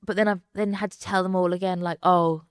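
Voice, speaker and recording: Woman podcast guest, thirties, lowish voice, candid chatty storytelling, dry close sound. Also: steady tone, fairly quick, smooth, no room sound. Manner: chatty, lots of fillers, acts out quoted voices. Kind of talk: candid conversational chat.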